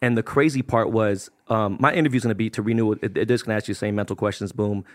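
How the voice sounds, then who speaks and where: Fast-talking man. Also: lowish voice, fairly even intonation. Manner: fast storytelling, heavy slang and profanity. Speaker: podcast guest, business owner. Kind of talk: casual chat.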